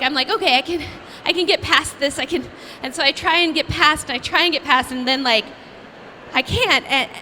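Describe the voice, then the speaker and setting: Bubbly high-voiced woman telling stories. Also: bright, forceful tone, big-room sound, a little hiss or hum. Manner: bubbly, fast, self-mocking, with many "like"s. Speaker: voice actress panel guest. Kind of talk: animated storytelling at a fan Q&A. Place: convention panel room.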